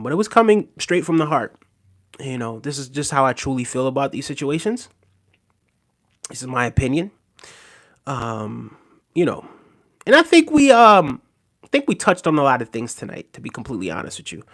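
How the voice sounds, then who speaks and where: A man's voice: medium pitch, fairly bright tone. A man hosting a livestream in a casual, unscripted way, talking to viewers with many fillers, repeated phrases and frequent checks of "right?". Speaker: livestream host reading viewer comments.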